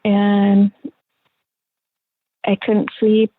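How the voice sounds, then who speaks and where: A woman's voice: medium pitch, completely flat delivery, no echo. Woman telling a story over a tinny line. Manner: halting, reflective, with many fillers. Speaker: interview guest. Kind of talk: personal storytelling in an interview. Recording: tinny phone-line sound.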